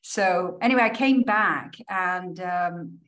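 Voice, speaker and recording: Scottish woman with a softened accent. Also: on the low side, takes it slowly. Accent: Scottish, softened by years in New York. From Scotland. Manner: open, reflective storytelling. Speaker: guest, politician. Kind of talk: conversational interview.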